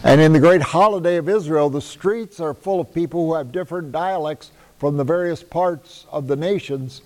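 Older man, Midwestern accent, pastor teaching a Bible class, slow measured delivery, reverberant hall. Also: on the high side, darkish tone. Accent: Midwestern American. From American Midwest. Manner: conversational, takes questions, chuckles at himself. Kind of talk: Bible teaching to a small group.

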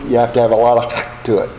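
A man's voice: mid-range voice, warm tone. An older man from the United States giving a Bible class lecture, telling stories in a folksy way with asides. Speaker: Bible teacher. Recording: echoey hall, faint background hum.

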